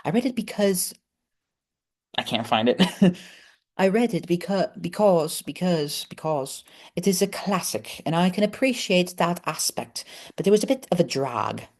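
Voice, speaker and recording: A man doing a halting put-on English accent to read out a bored reviewer's words. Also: lively intonation, close to an everyday voice. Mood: mock-posh. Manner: halting put-on English accent, higher than his usual voice. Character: prim English reviewer, adult, dryly bored.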